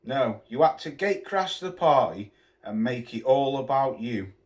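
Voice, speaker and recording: A man's voice: medium pitch, expressive, measured pace. Scornful man ranting about boxing. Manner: scornful, swearing, name-calling. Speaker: boxing commentator vlogger. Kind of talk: angry rant to camera.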